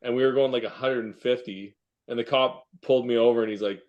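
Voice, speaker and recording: A man in his forties hosts a podcast in easygoing chat. He tells long stories at a relaxed pace and swears now and then. His voice sits in a middle pitch. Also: quick pace, highs cut off. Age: 40s. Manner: relaxed storytelling, swearing freely. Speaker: podcast host. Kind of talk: casual chat.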